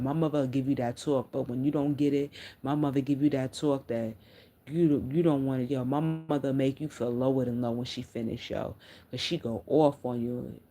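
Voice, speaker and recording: Speaking fairly quickly in a dark bass voice, this middle-aged woman is a livestreamer in casual chat with her audience. Her storytelling is blunt, profane, and candid, and she answers viewers' comments as she goes.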